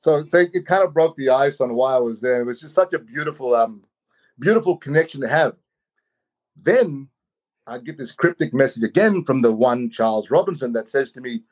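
Animated man telling a story. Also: medium pitch, normal speed, muffled recording. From Australia. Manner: animated, acts out quoted voices, many "you know"s. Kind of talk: personal storytelling.

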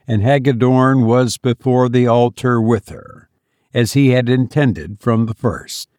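A man narrating a story as an audiobook in a measured, deliberate manner. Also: mid-range voice, darkish tone, no room sound, studio quality.

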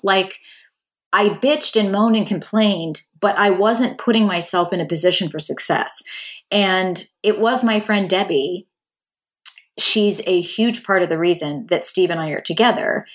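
A middle-aged woman hosting a podcast, telling a personal story in a candid, chatty way and talking straight to her listeners. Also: on the low side. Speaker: podcast host.

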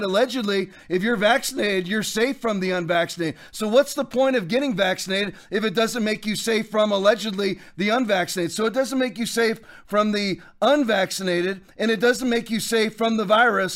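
A podcast host with a high-pitched, fairly bright voice delivers political commentary as an emphatic monologue. He preaches at his listeners and reads scripture aloud between points.

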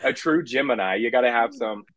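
A young man from Kansas, a guest in a casual interview, speaking in a relaxed way with many fillers. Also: mid-range voice, brisk.

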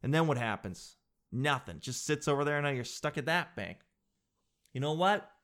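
A young man in his twenties performing a stand-up comedy routine, talking in an animated, slangy way and jumping into quick impressions of other people. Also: on the high side.

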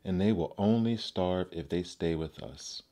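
A man with a low voice reading the lines of a cold, scheming stepmother in a storybook. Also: a little slow, mellow.

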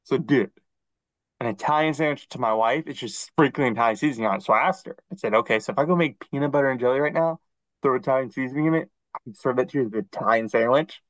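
A man co-hosting a podcast, chatting casually and acting out quoted dialogue in an animated storytelling manner. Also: medium pitch, quick pace, no room sound, low-quality recording. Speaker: podcast co-host. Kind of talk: casual chat.

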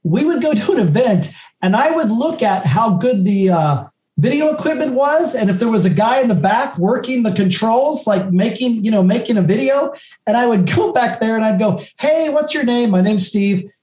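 A man's voice: very high voice, expressive, moderate pace, a little mellow. A man on a panel giving earnest, encouraging advice to preachers. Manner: earnest and encouraging, with many restarts. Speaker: speaker and video maker. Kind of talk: casual panel chat. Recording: roomy echo.

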